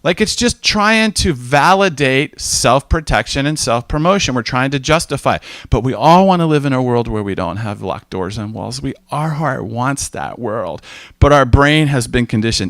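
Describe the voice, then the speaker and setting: A man's voice: mid-range voice, expressive, moderate pace, fairly bright tone, no room sound. A man giving an informal teaching talk, telling stories and acting out the voices of people he quotes. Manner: conversational, storytelling, acts out quoted voices.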